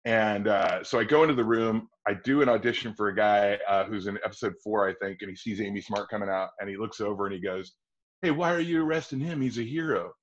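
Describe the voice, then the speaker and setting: A man in his forties from Wisconsin, an actor telling stories in a casual interview and acting out quotes in a high excited voice. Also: fast talker, few pauses. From Wisconsin, USA. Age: 40s. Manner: animated storyteller, acts out quotes in a high excited voice. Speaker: actor guest. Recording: dull lo-fi audio.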